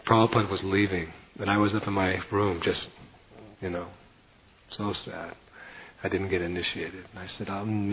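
A man telling a heartfelt personal story in a sermon, earnest and sometimes dropping to a near whisper. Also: lowish voice. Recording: tinny phone-like audio.

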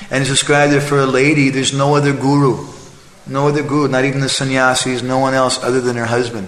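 A man's voice: mid-range voice, a bit bright, a little hiss or hum. A male preacher giving a conversational sermon, telling a story and often checking in with the audience. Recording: echoey hall, faint ambience.

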